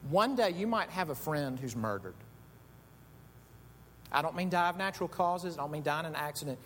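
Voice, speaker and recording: Animated male preacher in an echoey hall. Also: moderate pace. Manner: animated storytelling, shifts between quiet asides and loud shouts. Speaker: pastor. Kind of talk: sermon. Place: church sanctuary. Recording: echoey hall with faint rumble.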